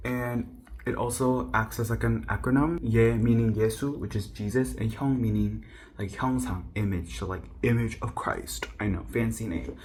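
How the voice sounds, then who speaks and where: Young man vlogging, low voice, faint room hum, chatty self-mocking story. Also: moderate pace, darkish tone. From South Korea. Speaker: YouTuber. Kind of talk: casual storytelling to camera.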